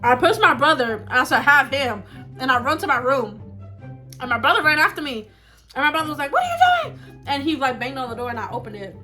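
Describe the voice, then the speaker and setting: Young woman vlogger, higher voice, animated and dramatic, casual story time, faint music under her. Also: fast. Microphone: phone.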